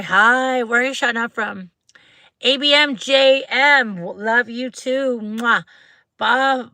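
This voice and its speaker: Bright-voiced chatty woman live-streaming. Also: a little high, no room sound. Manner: chatty, bubbly, full of "like" fillers, greets viewers. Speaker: livestream host. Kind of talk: casual live-stream chat.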